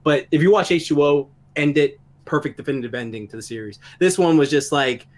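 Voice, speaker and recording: A man with a somewhat high voice, chatting on a live podcast. He rants in an animated, loose way and swears often. Casual home-mic talk. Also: fairly quick. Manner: animated ranting with frequent profanity. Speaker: podcast co-host. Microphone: home microphone, live online show.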